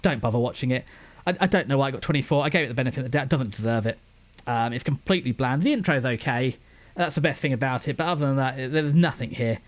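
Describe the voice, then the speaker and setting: A man's voice: mid-range voice, quick pace. A man giving a casual anime review, ranting with exasperation and frequent restarts.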